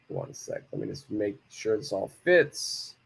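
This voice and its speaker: A man's voice: lowish voice, lively intonation, measured pace, vocal fry, breathy edge. A man teaching an English lesson live from home, reading out viewers' answers and praising them. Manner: encouraging, reads out viewers' answers and models phrases.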